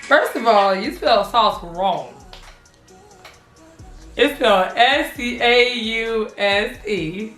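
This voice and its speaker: A woman's voice: a little high, slow, long pauses, fairly bright tone. A young woman vlogger reacting to her old videos, giggly and teasing herself in casual commentary. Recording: echoey room with faint music.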